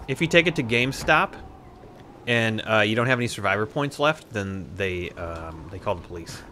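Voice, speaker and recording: A man's voice: lowish voice, animated, normal speed, pushed and bright, slight background noise. Dry-teasing man co-hosting a let's-play. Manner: dry teasing, guiding the player. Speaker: gameplay co-host. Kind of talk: casual let's-play banter.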